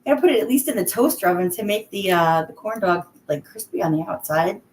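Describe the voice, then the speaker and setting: A woman's voice: medium pitch, expressive, fast, reverberant, slight background noise. A middle-aged woman hosting a casual live stream from home, talking to viewers by name and laughing easily. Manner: chatty, talks to viewers by name, laughs often.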